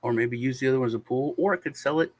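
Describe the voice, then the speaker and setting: A man's voice: mid-range voice, racing. Rambling man on a video call. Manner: rambling storytelling, full of restarts and sighs. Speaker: show host. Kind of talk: casual chat on a video call.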